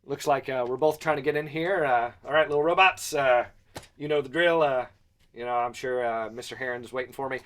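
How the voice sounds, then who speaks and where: A man's voice: mid-range voice, a little fast, a bit bright, close to an everyday voice. A man voicing a confident, casual visitor who expects to be waved through. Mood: breezy. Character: self-assured man used to getting in.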